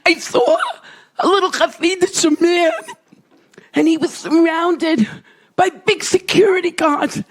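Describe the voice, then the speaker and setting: A woman giving an emotional personal testimony, swinging from loud cries to hushed whispers. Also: extremely high pitch, measured pace. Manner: dramatic, rises to cries and drops to whispers. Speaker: storyteller recounting a hospital ordeal.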